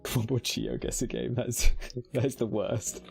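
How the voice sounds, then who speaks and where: A British man streaming a game live. He cheers loudly at times, mutters under his breath at others, swears casually and talks to himself. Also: mid-range voice, slow pace, gravelly, soft background music. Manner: excitable, swings between loud cheering and muttered whispers. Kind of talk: live gameplay commentary.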